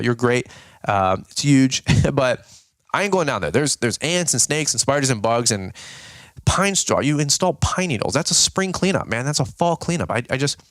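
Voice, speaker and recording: A man's voice: mid-range voice, no echo. A man hosting a lawn care business channel, giving viewers a casual, rambling update full of "dude" and "okay?".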